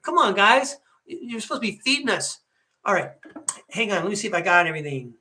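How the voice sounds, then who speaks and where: A man in his fifties hosting a podcast, telling rambling, animated stories in a casual monologue. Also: high voice, brisk, reverberant. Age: 50s. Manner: chatty, rambling, animated storyteller. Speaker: podcast host.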